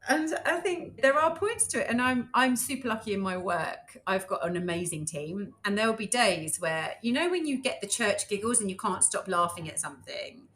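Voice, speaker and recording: A woman's voice: mid-range voice, lively intonation, normal speed, few pauses, fairly bright tone, a little hiss or hum. A middle-aged woman, a podcast guest, chatting casually and acting out little quotes as she tells stories. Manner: chatty, storytelling with acted-out quotes.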